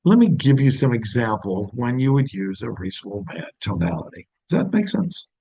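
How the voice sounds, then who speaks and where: A man with a gravelly, husky voice runs a sales training lesson. He talks emphatically and shifts his tone often, checking in with the listener as he goes. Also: medium pitch, sing-song, brisk, warm tone, low-quality recording. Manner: emphatic, varies tone, asks "make sense?".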